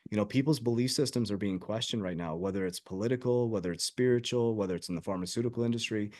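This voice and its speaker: A man's voice: fairly low pitch, quick pace, warm tone. A man who works as a life coach, talking earnestly and emphatically in a podcast conversation.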